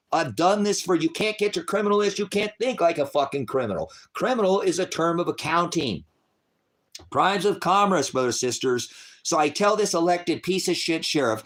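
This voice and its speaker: Middle-aged guy ranting angry and profane, slightly high voice, drops low then yells, keeps restarting. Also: animated, normal speed. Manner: heated, profane, repeats words and restarts; swings between low mutters and loud outbursts. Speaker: online ministry host. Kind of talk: angry political rant.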